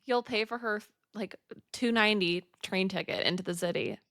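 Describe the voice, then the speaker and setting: A woman's voice: medium pitch, moderate pace, a bit bright, no echo. A young woman co-hosting a podcast in casual chat, wry and mock-outraged, close to the mic. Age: young adult. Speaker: podcast co-host.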